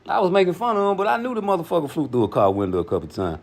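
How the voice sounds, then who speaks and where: A man's voice: wildly swooping pitch, very fast, few pauses. Profane, emphatic male host talking boxing. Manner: profane, emphatic, jumps high when heated. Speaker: show host. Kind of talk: casual commentary.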